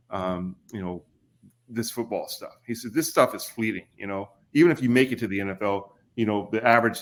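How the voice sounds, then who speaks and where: Middle-aged kentucky guy on a podcast, telling stories, does the voices of people he quotes. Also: on the low side. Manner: animated, acts out quotes with raised voice. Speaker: podcast guest. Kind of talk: casual storytelling.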